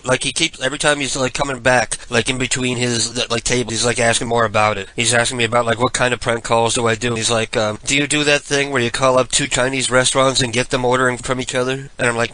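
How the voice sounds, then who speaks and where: Host, man, 40s, bright forceful voice, rambling and self-mocking, casual live show talk. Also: medium pitch, steady tone, brisk, no room sound, poor audio. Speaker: prank call show host. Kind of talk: casual live radio monologue.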